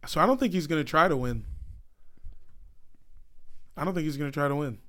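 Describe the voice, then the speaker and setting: A man's voice: a little high, fairly quick. A young man co-hosting a podcast, chatting casually with friends, joking and swearing a lot. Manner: profane, joking, animated. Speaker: podcast co-host. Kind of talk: casual chat.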